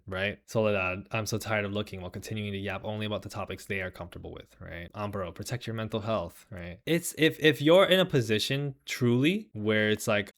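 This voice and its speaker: A man hosting a livestream, talking in a rambling, animated way with a lot of "right?" and sarcastic mock voices as he reads the chat. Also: on the low side, brisk, few pauses. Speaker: host. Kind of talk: livestream commentary.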